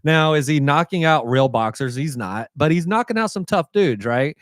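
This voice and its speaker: A man's voice: fairly high pitch, expressive, moderate pace, no room sound, studio quality. A man co-hosting a sports podcast, making his points in an earnest, argumentative way. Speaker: podcast co-host. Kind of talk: casual sports chat.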